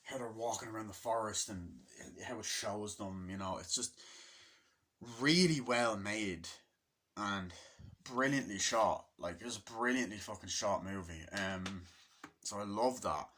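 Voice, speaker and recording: A young man giving a casual, rambling movie review, swearing often and filling pauses with ums. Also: on the low side, a bit bright. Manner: rambling and profane, full of fillers.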